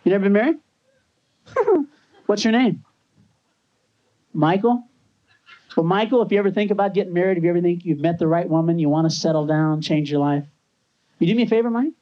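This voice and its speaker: High-voiced man doing ranting stand-up. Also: fairly quick, pauses often. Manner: breaks into screaming rants. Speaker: stand-up comedian. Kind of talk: stand-up routine. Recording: dull lo-fi 1980s TV tape with loud crowd and hiss. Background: audience laughter.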